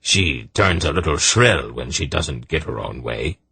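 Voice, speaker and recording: A man voicing a coarse, blunt male merchant who speaks gruffly and plainly. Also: rumbling low, animated, a little slow, pushed and bright, dry recording, exaggerated voice.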